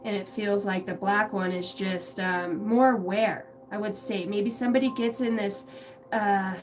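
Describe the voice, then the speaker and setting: A woman's voice: medium pitch, steady tone, unhurried, distant mic, slight background noise. A woman giving a rambling, searching spiritual reading on a livestream from outdoors on a ranch, swearing casually as she talks. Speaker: spiritual channeler. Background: music, passing pickup trucks.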